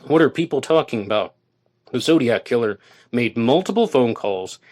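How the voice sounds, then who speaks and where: Guy doing a solo podcast, mid pitch, reads a quote then argues back, kinda talky. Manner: argumentative, reads quotes aloud and rebuts them. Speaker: podcast host.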